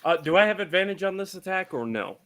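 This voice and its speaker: A man taking his turn as a player in a tabletop game. He speaks hesitantly with many fillers, in a rather high voice whose pitch moves around a lot. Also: lively intonation, quick pace, a bit bright, clear, resonant tone.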